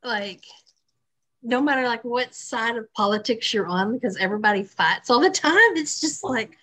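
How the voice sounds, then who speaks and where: A young woman co-hosting a podcast, talking casually in a weary, halting way. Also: a little high, lively intonation, fairly bright tone. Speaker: podcast co-host. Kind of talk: casual chat.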